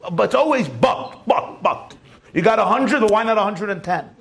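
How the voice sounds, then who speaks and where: Animated rabbi lecturing a crowd. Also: male voice, high voice, moderate pace, vocal fry. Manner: animated storyteller, joking. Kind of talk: lecture to a large audience. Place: community center hall.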